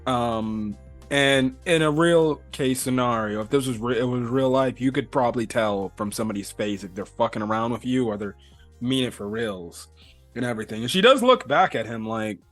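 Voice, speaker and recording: Rambling, excitable male anime reviewer. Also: medium pitch, moderate pace, soft background music. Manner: rambling, filler-heavy, excitable recapping. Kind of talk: casual episode review.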